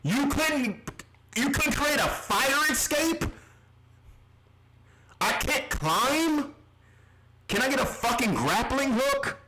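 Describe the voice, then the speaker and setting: A man's voice: very high voice, lively intonation, measured pace, sharp tone, slight background noise, poor audio. A man streaming live reactions, ranting in an exasperated, heavily profane way.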